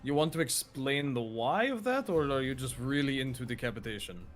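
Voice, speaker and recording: A man's voice: medium pitch, a little fast, soft background music. A man playing a tabletop game who jokes around in casual chat. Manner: joking, animated. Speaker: player.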